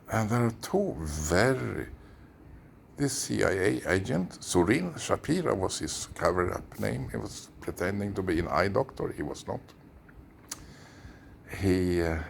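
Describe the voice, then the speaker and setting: Swedish-accented ex-therapist, low rasp, slow and unhurried, intense rambling talk with whispered asides. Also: male voice, slight background noise. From Sweden. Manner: intense, conspiratorial, lapsing into whispers. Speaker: former therapist. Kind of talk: rambling monologue.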